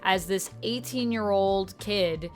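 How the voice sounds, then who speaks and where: A young woman talks through a film review in a casual, chatty way. Her pitch sits in an ordinary middle range but jumps up sharply when she gets animated. Soft music plays faintly underneath. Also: slow pace. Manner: chatty and expressive, with sudden animated rises.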